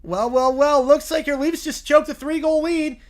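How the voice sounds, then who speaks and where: A man's voice: very high voice, fairly even intonation, moderate pace. A text-to-speech voice playing a gloating bald boy who taunts a sore loser. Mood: taunting. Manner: taunting, smug. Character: gloating bald boy bully, rival fan.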